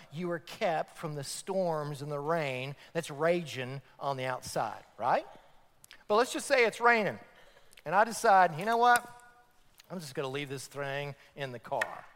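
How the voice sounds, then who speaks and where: A man preaching a sermon as pastor, emphatic and repetitive, swinging between loud urgency and quiet intensity. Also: a little high. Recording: long hall reverb.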